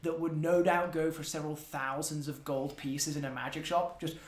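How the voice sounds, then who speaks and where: A game master narrating a tabletop game in a lively, amused, halting manner. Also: medium pitch, background noise. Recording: roomy echo.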